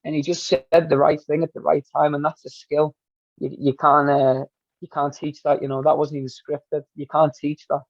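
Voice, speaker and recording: Man, Glaswegian accent, football coach, heartfelt, raspy fry, dry lo-fi sound. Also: fairly high pitch, flat delivery, moderate pace, dry recording. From Scotland. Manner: earnest, heartfelt. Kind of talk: casual interview chat.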